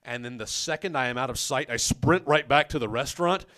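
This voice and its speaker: A man telling a comic personal story on a podcast, animated and self-mocking, with his voice leaping up on quoted lines. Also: mid-range voice, fairly quick. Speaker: comedic storyteller.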